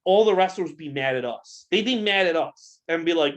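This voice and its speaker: A man's voice: high-pitched, expressive, quick pace, hardly any pauses, fairly bright tone. Profane, heated young man ranting. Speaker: podcast co-host. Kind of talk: casual wrestling podcast rant.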